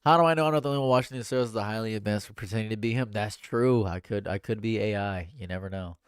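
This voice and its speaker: Animated streamer man with a smooth voice. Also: fast, no room sound, studio quality. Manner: animated, laughing often, swinging between loud high bursts and low mutters. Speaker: livestream streamer. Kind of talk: casual livestream chat.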